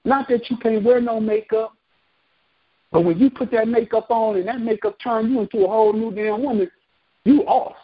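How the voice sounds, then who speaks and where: The recording has its highs cut off, carrying a street preacher's high-pitched, breathy voice at normal speed. He reads verses aloud and punctuates them with slangy commentary.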